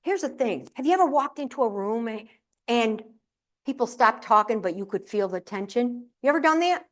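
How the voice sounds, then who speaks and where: An easygoing older Italian father who jokes and reassures his worried family, as a woman quotes him in her own fairly high voice. He speaks in a calm, steady way. He is unhurried as he hands out advice. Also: lightly acted.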